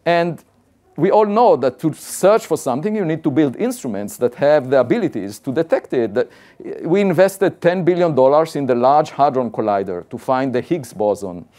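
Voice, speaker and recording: Insistent, higher-voiced male astrophysicist lecturing. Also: animated, moderate pace, dark tone. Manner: conversational, building arguments point by point. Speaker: astrophysicist giving a talk. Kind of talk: public science talk.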